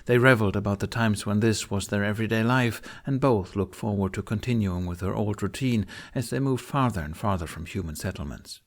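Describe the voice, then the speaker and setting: A man narrating a fan audiobook chapter in a measured storytelling manner. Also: lowish voice.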